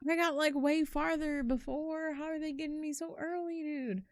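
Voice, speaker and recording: This young woman's voice sits high with a steady tone and a moderate pace, recorded without echo. She streams a horror game while chatting casually to viewers, slangy and profane, shrieking whenever she's startled.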